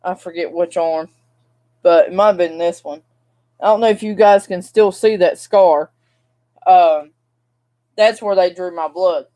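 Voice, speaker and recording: A woman's voice: fairly low pitch, a little slow, long pauses, mellow. A young woman, vlogging and venting in a rambling, frustrated way straight to her viewers. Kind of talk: casual vlog rant.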